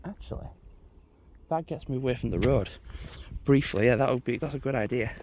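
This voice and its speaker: A man's voice: medium pitch, a little fast, darkish tone, a little hiss or hum. A young man, chatting casually and rambling as he walks a moorland path, swearing now and then. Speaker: vlogger. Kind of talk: casual walking vlog. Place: outdoors on a moorland footpath.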